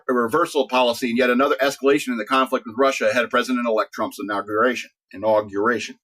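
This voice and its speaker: A man's voice: medium pitch, fairly bright tone. A middle-aged man hosting a talk radio show, rambling casually, joking, laughing often and restarting his words.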